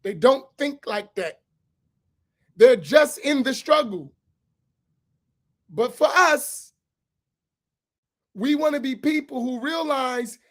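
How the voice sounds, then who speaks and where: A man speaking as an imam, giving an emphatic lecture-style sermon and repeating his key points. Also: very high voice. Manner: asks for slides to be put up.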